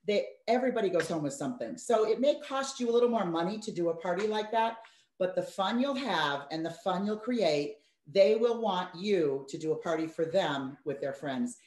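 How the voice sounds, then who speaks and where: Woman sales trainer, lively chatty delivery, echoey room sound. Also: on the low side, normal speed, a little hiss or hum. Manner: lively, chatty, acts out her party patter. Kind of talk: training talk with party tips.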